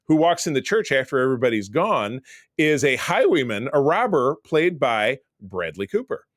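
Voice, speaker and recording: A man's voice: mid-range voice, very animated, moderate pace, dry recording, clean studio sound. A man hosting a podcast, rambling through casual recaps of movies and shows. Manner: rambling, chatty show recaps. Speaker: podcast host. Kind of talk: casual chat.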